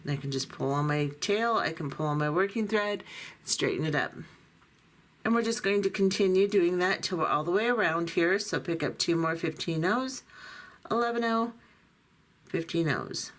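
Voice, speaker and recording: A woman with a slightly low voice talks a viewer through a beading project step by step. She is middle-aged or older and speaks in a patient, practical way while her hands stay busy with the work. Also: animated, moderate pace. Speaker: beading tutorial host. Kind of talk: step-by-step craft instruction.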